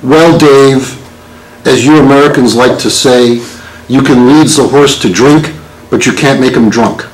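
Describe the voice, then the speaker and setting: A man's voice: mid-range voice, measured pace, slight background noise, close to an everyday voice, rough recording. A man putting on the thick French accent of an older male patent attorney who was his mentor. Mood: folksy. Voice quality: thick accent, done badly.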